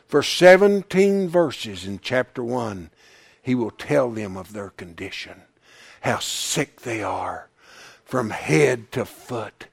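A man preaching a sermon as pastor, rising to shouted peaks and falling to hushed, near-whispered lines, with emphatic repetition. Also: mid-range voice, lively intonation, slow pace, vocal fry, husky, no echo.

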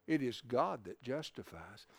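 Older male preacher, folksy sermon, lively swoops from whisper to shout. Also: medium pitch, measured pace, creaky. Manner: folksy, swings from hushed asides to loud shouts.

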